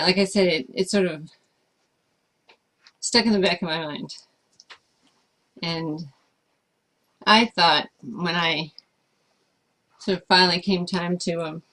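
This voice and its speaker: A woman's voice: fairly low pitch, a bit bright. A woman chatting casually as she answers viewer questions about life with her service dog, thoughtful and hesitant, with frequent fillers. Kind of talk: casual Q&A chat.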